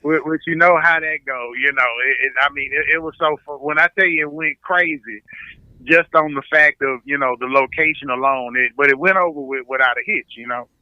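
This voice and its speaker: A man with a bright, forceful, somewhat high voice tells comedy road stories in loose podcast chat. He talks with animation and stumbles over repeated words. The sound is dry but dull and lo-fi. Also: brisk, clean tone, no echo. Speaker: comedian guest.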